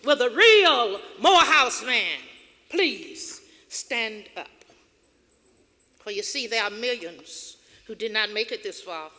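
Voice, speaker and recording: A woman's voice: a little high, expressive, normal speed, bright, forceful tone. A woman giving a motivational keynote speech, with dramatic, rhythmic repetition that builds emphasis. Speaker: keynote speaker. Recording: reverberant hall with audience.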